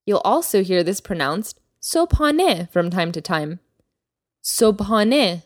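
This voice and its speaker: A woman hosting a language lesson podcast as the teacher, speaking clearly and slowing down to model new words. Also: on the low side, sing-song, no room sound, studio quality. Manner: clear teacherly delivery, slows down for vocabulary. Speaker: Persian teacher, podcast host.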